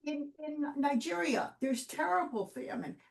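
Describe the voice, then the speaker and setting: A woman with a gravelly, fry-tinged voice joins a casual discussion. She speaks earnestly, pressing her points and cutting in over her partner. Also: high-pitched, measured pace.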